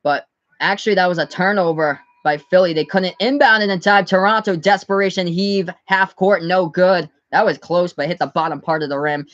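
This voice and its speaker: A man from the US Northeast giving live play-by-play commentary on his stream, calling the score briskly and talking to his chat. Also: high-pitched, steady tone, a bit bright, dry recording, dull audio.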